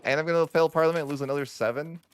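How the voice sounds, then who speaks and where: A man's voice: on the high side, fairly even intonation, rapid-fire, smooth. A young man commentating his own strategy game session, exasperated and whiny with a sarcastic streak. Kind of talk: frustrated gameplay commentary.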